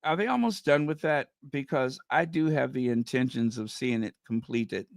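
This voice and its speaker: A man hosting a channel, chatting casually in a rambling, halting way full of fillers. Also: mid-range voice, vocal fry, no echo. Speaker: channel host reacting to a clip. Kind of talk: casual chat.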